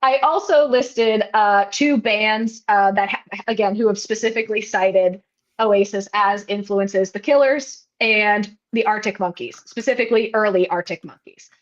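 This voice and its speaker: A woman's voice: medium pitch, normal speed, muffled recording. A young woman co-hosting a podcast in casual chat, rambling and laughing at herself as she talks. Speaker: podcast co-host.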